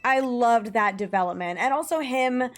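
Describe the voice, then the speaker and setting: Speaking at a moderate pace in a fairly high voice, a young American woman chats casually as she plays on stream. She's enthusiastic and rambling, relying on "like" and letting a swear word slip sometimes, and faint game music plays behind her.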